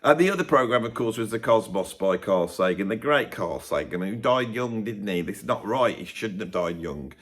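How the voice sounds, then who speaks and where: A man's voice: fairly low pitch, lively intonation, normal speed, hardly any pauses, a bit bright. A man rambles to camera in a chatty, digressive solo monologue, often tagging questions onto his sentences. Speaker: YouTuber.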